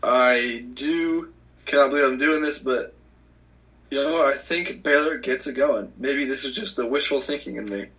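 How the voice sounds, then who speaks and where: A man's voice: medium pitch, normal speed, bright, forceful tone, poor audio. A man hosting a casual sports picks chat. He rambles, restarts his sentences and chuckles as he talks. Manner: rambling, self-correcting, chuckling. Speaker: podcast host.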